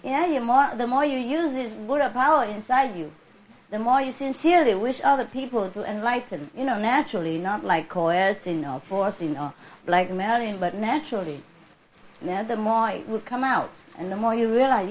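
A woman's voice: a little high, normal speed, a little hiss or hum. Chuckling woman teaching in a spiritual Q&A. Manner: warm, chuckling, conversational, laughs often.

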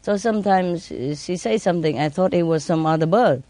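A woman's voice: lowish voice, brisk, dark tone, dry recording. A woman telling casual stories in simple, non-standard English, often adding "you know" as she goes. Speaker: pet bird keeper telling stories. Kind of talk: casual anecdotal storytelling.

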